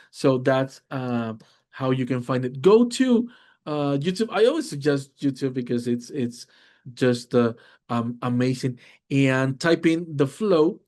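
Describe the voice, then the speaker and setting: Slow-talking man leading a teacher webinar. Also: mid-range voice, darkish tone. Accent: Latin American Spanish. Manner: slow, repeats "all right?" and "right?" often, many fillers. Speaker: teacher trainer.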